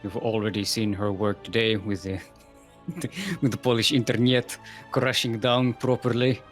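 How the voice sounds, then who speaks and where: A man hosting and casting an esports tournament in a playful, rambling way, with booming ring-announcer introductions. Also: level tone, normal speed, faint music behind. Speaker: tournament host and caster.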